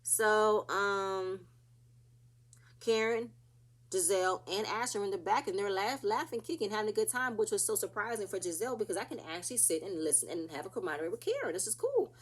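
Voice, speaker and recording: A woman's voice: medium pitch, fairly quick, husky. A woman casually recapping a reality TV episode, chatty and opinionated, acting out what the cast said.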